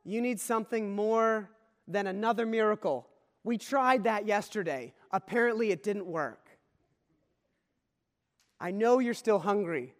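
A man's voice: high voice, a little slow, long pauses, in a large hall. A man preaching a conversational sermon as pastor, often repeating key phrases.

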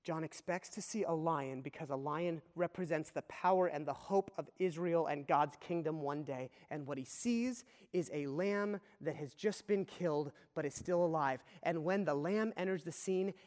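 A male pastor preaching a sermon, retelling a scripture vision with earnest storytelling and big swings between loud and hushed delivery. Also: a little high. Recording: long reverb of a large hall.

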